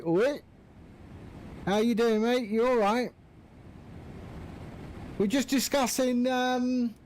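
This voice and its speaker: A man's voice: very high voice, a little mellow, rough recording. A man chatting casually on a live stream, greeting viewers by name while he flies. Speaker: flight-sim streamer.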